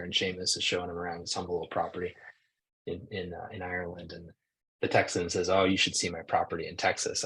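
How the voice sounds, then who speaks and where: A man, a psychologist and author, speaking as a podcast guest in a soft-spoken, reflective way, telling calm anecdotes. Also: low-pitched, breathy edge, low-quality recording. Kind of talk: casual podcast conversation.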